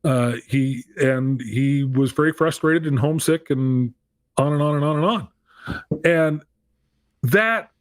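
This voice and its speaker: A man's voice: on the high side, slow, no room sound, clean studio sound. A middle-aged man telling a personal story as a guest on a talk show, candid and self-deprecating, often restarting his sentences. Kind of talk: storytelling in a conversation.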